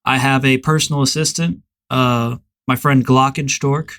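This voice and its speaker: A man's voice: medium pitch, fairly even intonation, moderate pace, a bit bright. A man hosting a podcast, chatting casually in a rambling, hesitant way. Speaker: podcast host.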